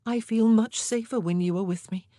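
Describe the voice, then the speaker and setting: A woman's voice: a little high, normal speed, mellow, dry recording, voice pushed up, close to an everyday voice. A woman doing a passionate young Tudor queen with a raised, tearful, pleading voice. The reading is dry and close, with no room sound. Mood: relieved.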